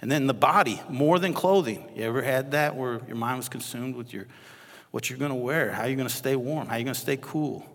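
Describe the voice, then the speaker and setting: Conversational Midwestern pastor preaching in a reverberant church. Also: male voice, medium pitch, a little fast. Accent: Midwestern American. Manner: conversational, animated preaching with asides to the congregation. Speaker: associate pastor. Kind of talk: sermon. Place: church sanctuary. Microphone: lapel mic. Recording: long reverb of a church hall.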